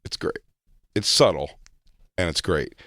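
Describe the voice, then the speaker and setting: A man's voice: low-pitched, measured pace, no echo, clean studio sound. A man on a comedy podcast, telling stories in casual chat, acting out quotes and swearing freely. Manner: animated storytelling with acted quotes, swearing. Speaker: podcast co-host.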